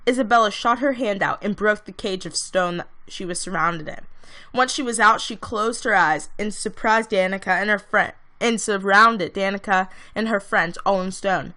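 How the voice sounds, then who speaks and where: Bright-voiced woman reading a story. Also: mid-range voice, normal speed. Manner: plain reading with small stumbles. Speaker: amateur reader. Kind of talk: reading own fantasy story aloud.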